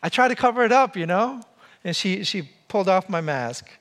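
A man's voice: high-pitched, expressive, moderate pace, a bit bright. A man in his forties giving a sermon in a conversational, humorous way, asking the listeners questions. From came to the US as a child. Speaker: pastor.

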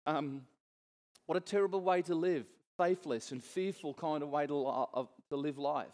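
A middle-aged pastor delivers his sermon, earnest and conversational, with a fairly high voice. He often turns to the congregation with asides. The sound rings with the long reverb of a church hall. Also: normal speed, a little mellow.

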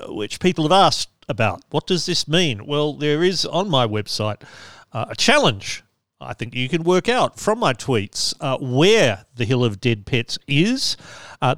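A man's voice: fairly high pitch, a bit bright, no echo. Wry chatty man hosting. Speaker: podcast host. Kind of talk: solo podcast announcements.

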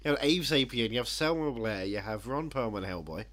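A man hosting a podcast, chatting casually with animated, sardonic rants. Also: mid-range voice, a little fast. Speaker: podcast host. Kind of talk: casual chat.

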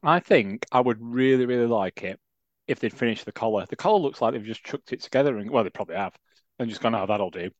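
A man's voice: mid-range voice, expressive, fast, dry recording. A man co-hosting a casual football podcast, teasing and dry in his remarks. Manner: wry, teasing, dry understatement. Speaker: podcast co-host. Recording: dull lo-fi dry mic.

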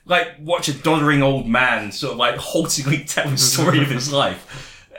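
A man's voice: mid-range voice, moderate pace, roomy sound, crowd noise. A man hosting a casual comedy podcast, teasing his guests and laughing often. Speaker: podcast host.

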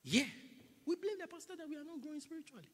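High, lively preacher in an echoing hall. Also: male voice, quick pace. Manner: emphatic, repetitive, mocking impressions. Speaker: pastor. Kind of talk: sermon. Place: church. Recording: long reverb in a large hall.

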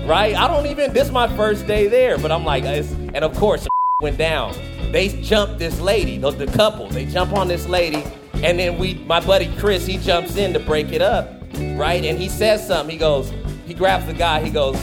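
A male comedian telling a funny personal story, animated and laughing at himself. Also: sits high, moderate pace. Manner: animated, laughing, self-mocking. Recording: music bed under the voice.

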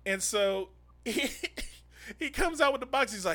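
A man's voice: extremely high pitch, unhurried. A man co-hosting a podcast, telling a profane story and acting out the people in it. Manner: animated storyteller acting out quoted voices, profane. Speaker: podcast co-host. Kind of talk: casual storytelling chat.

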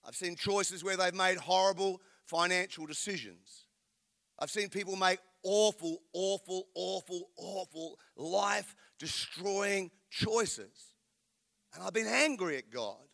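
A pastor, preaching a sermon in a candid, storytelling, emphatic way. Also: male voice, high voice, lively intonation, a little slow, vocal fry, fairly bright tone.

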